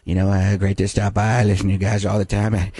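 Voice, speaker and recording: A man's voice: lowish voice, level tone, fast, warm tone, breathy edge, no room sound, studio quality, pitched below the performer's own voice. A man impersonating a goofy, mumbling middle-aged comedic actor who stalls with lots of "uh"s. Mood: goofy, mumbly. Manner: mumbling, hesitant, full of "uh"s.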